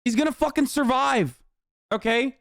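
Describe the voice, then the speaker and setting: A young man with a high voice delivers a heated, profanity-laced rant to a live stream audience. He mocks and swears constantly and keeps asking "okay?". The sound is dry and close, with no room around it. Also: moderate pace, gravelly, a bit bright, no echo. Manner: angry, mocking, swearing constantly, repeats "okay?".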